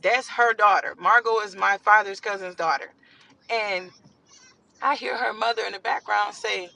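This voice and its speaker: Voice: medium pitch, moderate pace, gravelly, rough recording. A young adult telling a casual storytime, acting out each person's lines with lots of energy. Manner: animated, acts out dialogue, rises to near shouts. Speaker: storytime vlogger.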